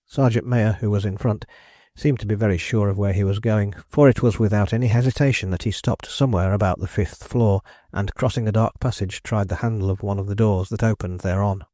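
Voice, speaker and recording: A man reading a novel aloud as an audiobook narrator, in measured, deliberate scripted narration. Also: on the low side, steady tone, dark tone, no echo, clean studio sound.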